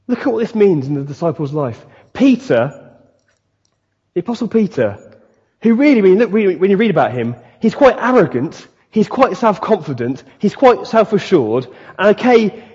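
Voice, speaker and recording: Brief: male preacher, slightly high, husky voice, echoing hall with dull sound. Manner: animated, acts out quoted voices. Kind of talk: sermon. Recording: dull, long-reverb hall.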